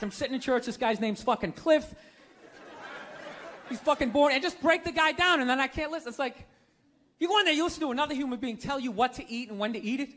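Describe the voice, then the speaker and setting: Man, stand-up comic, profane, ranting, sharp bright tone, live club recording with faint noise. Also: very high-pitched. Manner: profane, ranting, incredulous, shouting punchlines. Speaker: stand-up comedian. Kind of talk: stand-up comedy set. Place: comedy club stage with audience. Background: audience laughter.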